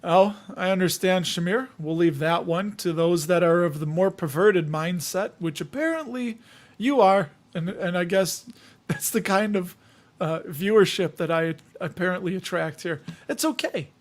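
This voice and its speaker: A man from the Chicago area hosts a casual livestream in a high voice at normal speed. He reads out viewer comments, joking and rambling and chuckling often.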